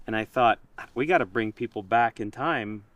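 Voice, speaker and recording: A man in casual conversation, telling a story in an animated way and quoting himself and others. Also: mid-range voice, moderate pace, no room sound, dull audio. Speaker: project creator.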